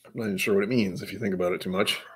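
Rambling, jokey man with a lowish voice. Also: fairly even intonation, very fast, a bit bright, slightly rough. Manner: rambling, jokey, talks to chat. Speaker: whiskey tasting streamer. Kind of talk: casual live-stream chat.

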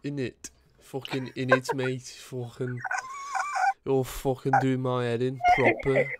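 A man's voice: mid-range voice, little pitch movement, slow, heavy background noise, natural voice. A British man putting on a swaggering, mouthy young London lad with an exaggerated slang-heavy drawl, in a gaming voice chat. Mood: mock taunting.

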